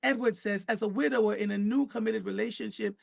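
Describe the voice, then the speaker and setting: A woman hosting a live online talk show, chatting with viewers and guests in an animated, conversational way and often repeating words as she starts a thought. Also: medium pitch, quick pace, vocal fry, lo-fi sound. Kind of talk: casual livestream talk.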